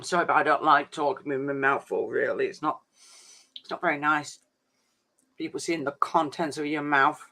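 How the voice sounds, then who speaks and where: Man, rambling live-stream chat, fairly high voice, phone mic. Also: steady tone, moderate pace, gravelly, bright, forceful tone. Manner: rambling, chatty, says "flipping" often.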